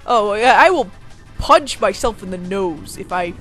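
Excitable, rambling let's play commentator. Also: mid-range voice, unhurried, no room sound, soft background music. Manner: rambling, excitable, shrieks and whines at setbacks. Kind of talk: casual gameplay commentary.

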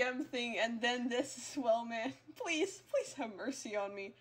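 Woman gaming streamer; higher voice, unhurried delivery, playful teasing with melodramatic squeals. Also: animated. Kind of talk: live gameplay stream chatter.

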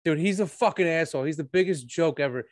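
A man's voice: a little high, fast talker, no echo. A man co-hosting a sports show, ranting heatedly with constant swearing in casual chat. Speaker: sports podcast co-host.

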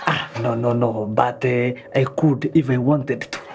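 A man's voice: medium pitch, fairly even intonation, unhurried, very noisy, natural voice. A man playing a scheming young male student who hedges with constant "eh" fillers. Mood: evasive. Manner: hesitant, full of "eh" fillers. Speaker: student in a college drama. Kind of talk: TV drama acting.

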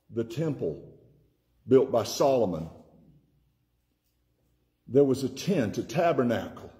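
A man from Tennessee preaching a sermon as pastor, slowing down and repeating key words for emphasis. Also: mid-range voice, sing-song, warm tone.

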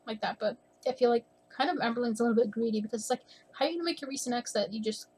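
A woman chats her way through a reaction video from home, voice slightly high with a husky edge. She rambles and gives blunt opinions, sounding a little out of breath. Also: racing, darkish tone. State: a bit out of breath. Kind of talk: casual chat reaction commentary.

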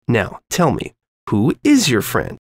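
A man's voice: mid-range voice, wildly swooping pitch, slow, husky, no room sound, heavily acted. A possessive young woman captor speaks in a sugary, condescending tone, voiced by a man reading the story aloud. Her voice leaps up and drops down as she coaxes, and the recording is close and dry. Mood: coaxing. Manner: coaxing, condescending.

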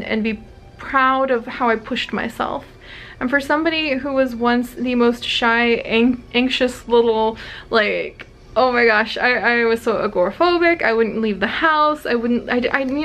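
A woman's voice: fairly high pitch, fairly bright tone. A young woman chatting to the camera in a casual home vlog, rambling and self-deprecating, laughing often, in a small rented apartment. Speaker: vlogger.

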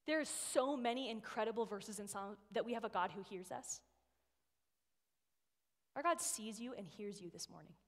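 A woman's voice: medium pitch, animated, moderate pace, pauses often. A woman in her thirties, a guest speaker giving a sermon in a chatty, personal storytelling way and often checking in with "right?". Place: church sanctuary. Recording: long hall reverb.

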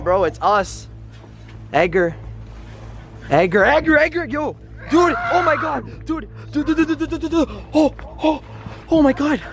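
A man's voice: extremely high pitch, a bit bright. A man filming a vlog, talking frantically and repeating words, with music underneath. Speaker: vlogger. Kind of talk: excited casual vlog chatter.

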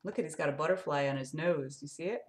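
A woman reading a picture book aloud to children, animated and sing-song, talking straight to her young listeners. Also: low voice, fast. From lives in Arizona desert.

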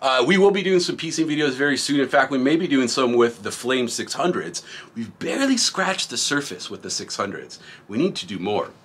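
A man's voice: medium pitch, very animated, fairly quick, a bit bright, a little hiss or hum. A middle-aged man hosting a graffiti supply channel, reading viewer comments in a laid-back, rambling way and laughing often. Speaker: graffiti product reviewer and shop host.

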